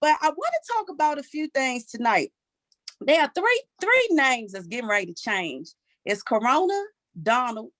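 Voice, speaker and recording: A high-pitched woman in her forties, speaking with a Washington, D.C. accent, delivers a sassy, animated stand-up set. She keeps finishing lines with "okay?". The recording is dry.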